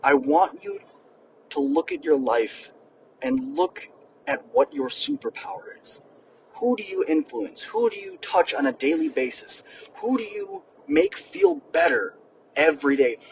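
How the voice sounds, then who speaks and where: A young man hosting a podcast and giving a lively motivational monologue, speaking straight to his listeners. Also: on the high side, unhurried, creaky. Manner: energetic, addresses listeners directly. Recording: distant mic with background noise, poor audio.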